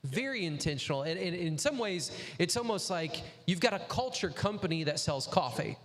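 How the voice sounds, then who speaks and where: A man's voice: sits high, big pitch swings, moderate pace, fairly bright tone. Enthusiastic male interview host. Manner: enthusiastic, affirming. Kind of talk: casual interview chat. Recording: reverberant hall.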